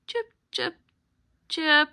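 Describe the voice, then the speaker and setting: A woman's voice: very slow, sharp tone, full character voice. A woman voicing a tiny baby chick in a homemade cartoon, which only chirps its repeated call. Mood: chirping.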